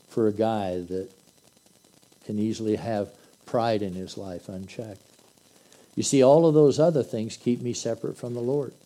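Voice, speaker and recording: A man's voice: lowish voice, dark tone, rough recording. A man preaching an earnest, conversational sermon that swells into emphatic bursts. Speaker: pastor.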